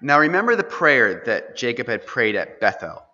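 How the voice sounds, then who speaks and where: A man's voice: medium pitch, big pitch swings, normal speed, sharp tone. A man teaching an earnest, sermon-style Bible class, pressing his listeners with rhetorical questions. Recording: dull, echoey hall recording.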